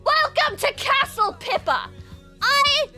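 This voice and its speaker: A woman's voice: very high-pitched, expressive, takes it slowly, pushed and bright, soft background music, voice pushed up, full character voice. A woman voicing a pompous self-proclaimed female viscount who greets her guests with grandiose proclamations.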